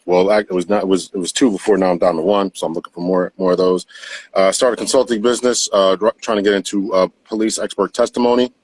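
A man in his fifties, a retired police captain, talks about himself as a podcast guest. He speaks in a measured way, with lots of "uh" pauses, in a somewhat low voice. The sound is dry and close. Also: fairly even intonation, darkish tone, slightly rough, no echo. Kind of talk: live podcast interview.

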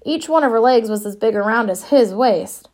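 A woman's voice: fairly high pitch, animated, moderate pace, a little mellow. A woman reading an audiobook in the first person, with a wistful, wry storytelling manner. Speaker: audiobook narrator. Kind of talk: scripted first-person narration.

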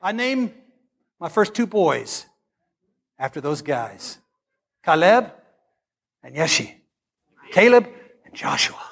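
A middle-aged man, preaching a storytelling sermon. He is animated and humorous, and swings between loud and hushed. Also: on the high side, slow pace, creaky, pauses often, breathy edge.

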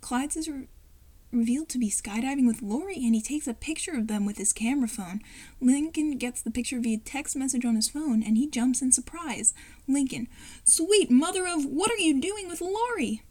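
A woman's voice: a little high, brisk, warm tone. A woman reading a fan script aloud at home on a computer mic, with chatty asides and casual stumbles. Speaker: fan-fiction reader and narrator.

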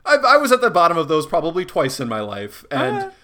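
Lively, bright-voiced man chatting on a podcast. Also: on the high side, quick pace. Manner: animated, laughs often between phrases; swears casually. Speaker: podcast co-host. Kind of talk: casual chat.

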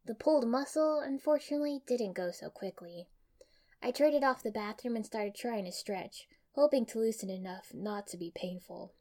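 A young woman reading fan fiction aloud in an expressive, even storytelling manner. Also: on the high side, moderate pace. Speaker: audiobook reader.

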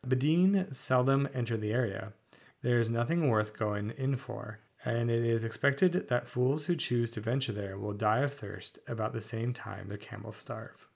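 A man co-hosting a tabletop podcast, reading fantasy lore aloud at a measured, slightly halting pace. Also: mid-range voice, creaky. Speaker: podcast co-host.

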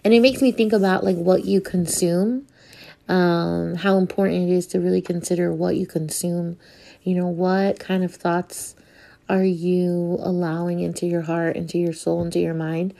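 A woman's voice: on the low side, flat delivery, moderate pace, gravelly, mellow. A woman guest adding a thoughtful, musing comment on a talk show.

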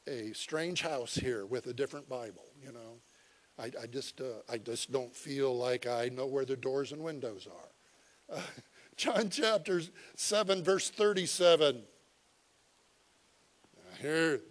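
Slow, folksy preaching man. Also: medium pitch. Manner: animated storytelling, swings from quiet asides to loud emphatic cries; folksy, chuckling, with halting fillers. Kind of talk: sermon. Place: visiting church.

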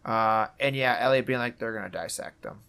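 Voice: mid-range voice, fairly quick, gravelly, fairly bright tone, smooth. A podcast co-host chatting casually about a film scene by scene, jokey and swearing now and then. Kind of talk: casual movie-rewatch chat.

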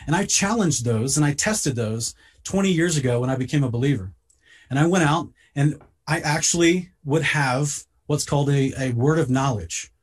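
A man telling a personal story in a casual podcast talk, earnest and halting, often repeating words as he starts a sentence. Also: fairly high pitch, husky.

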